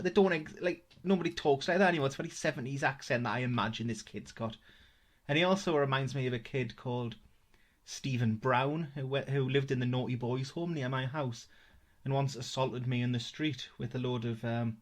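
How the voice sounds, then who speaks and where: A man's voice: medium pitch, fairly quick. A man with a South Tyneside accent doing a stand-up set at home, dry and sweary with rambling asides. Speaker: stand-up comedian. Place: his house. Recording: roomy room, mic at a distance.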